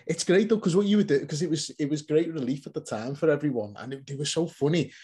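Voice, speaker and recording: A man's voice: on the high side, fast, warm tone, husky. A man hosting an interview in casual chat, eager and encouraging toward his guest. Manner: eager, encouraging, frequent agreement. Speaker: host.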